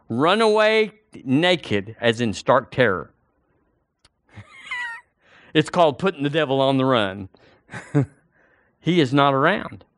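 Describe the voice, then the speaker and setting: A man preaching a sermon in an emphatic, animated way, with loud and soft swings. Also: mid-range voice, dry recording, clean studio sound.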